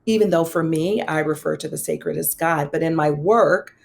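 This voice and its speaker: A woman guest, a psychologist and pastor, telling a personal story in an interview, animated and conversational with touches of self-deprecating humor. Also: normal speed, vocal fry, a little hiss or hum. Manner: animated, acts out quoted dialogue with big pitch swings.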